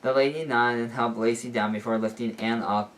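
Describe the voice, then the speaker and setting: A man's voice: medium pitch, fairly even intonation, fairly quick, a bit bright, far from the mic. A man reading a homemade story aloud, stumbling and correcting himself as he goes. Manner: unpolished, stumbles and fixes his words. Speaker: story reader. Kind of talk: reading fan fiction aloud.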